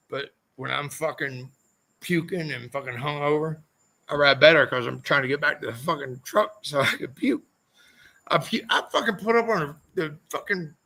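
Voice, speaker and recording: Gravelly high-voiced man telling profane stories. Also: bright, forceful tone, low-quality recording. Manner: profane, rambling anecdotes. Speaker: podcast guest, former motorcycle racer. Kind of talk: casual storytelling interview.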